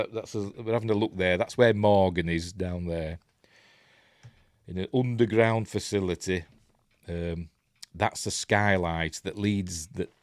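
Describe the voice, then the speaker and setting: Low-voiced Yorkshire man rambling. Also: no echo, clean studio sound. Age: middle-aged. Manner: rambling, many fillers and muttered asides. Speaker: film reviewer. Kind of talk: casual watch-along film commentary.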